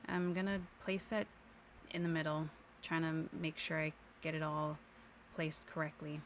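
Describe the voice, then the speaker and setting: Chill lady talking thru her card crafting, lowish voice, bit of faint hiss behind. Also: little pitch movement, measured pace. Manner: chatty and easygoing, with small self-corrections. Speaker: card-making tutorial host. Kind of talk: casual crafting voice-over. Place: home craft room.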